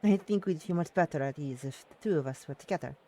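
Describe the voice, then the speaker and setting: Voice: mid-range voice, fast talker, warm tone, close to an everyday voice. A streamer reading a polite young heroine who speaks formally and with concern.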